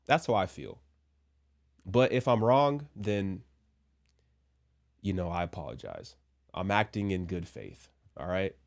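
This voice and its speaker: Chatty man giving casual commentary, lowish voice. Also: lively intonation, unhurried, vocal fry, long pauses. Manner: chatty, joking asides, speaks from a Christian view. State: a little sick. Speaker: commentary vlogger.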